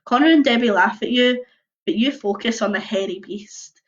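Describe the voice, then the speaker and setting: A young woman reading a choose-your-own-adventure book aloud on a livestream, mixing lively narration with casual chatty asides. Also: on the high side, moderate pace. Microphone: computer or phone mic on a video stream. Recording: dull lo-fi livestream audio.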